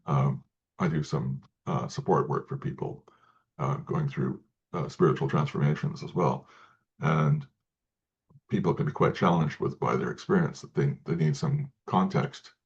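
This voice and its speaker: A man speaking as an interview guest, talking in halting sentences with many restarts and repeated words. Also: rumbling low, vocal fry, highs cut off. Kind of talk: casual interview talk.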